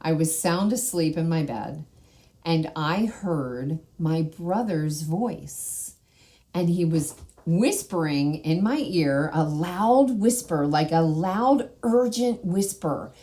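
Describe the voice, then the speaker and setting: A woman's voice: low-pitched, lively intonation, slow, dark tone. Chatty woman sharing a testimony. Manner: conversational, frequent "like" and "right?". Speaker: channel host sharing a spiritual testimony. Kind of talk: personal testimony to camera.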